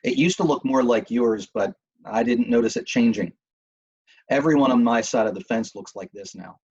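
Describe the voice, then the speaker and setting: A man voicing a frail, frightened young boy in a quiet, anxious way, reading a novel aloud. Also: mid-range voice, normal speed, husky, muffled recording.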